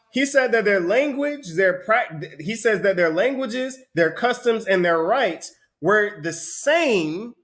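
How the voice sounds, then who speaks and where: Animated high-voiced man teaching scripture. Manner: animated, asks rhetorical questions, repeats "right?". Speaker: teacher leading a Bible study. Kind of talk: sermon-style teaching with a reader.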